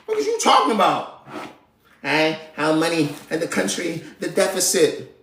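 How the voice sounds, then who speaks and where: A high-voiced man rants on his live show, his pitch swinging widely as he gets heated. His talk is slangy and profane, and it carries a roomy echo around it. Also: very animated, normal speed, fairly bright tone, a little hiss or hum. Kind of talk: casual political rant.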